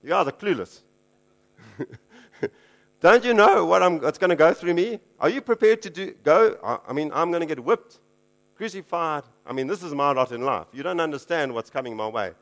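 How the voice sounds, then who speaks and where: Jesus voiced by a man, blunt n plain-spoken, chiding his followers, a bit higher than the preacher's own voice. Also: animated, normal speed, a bit bright. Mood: exasperated.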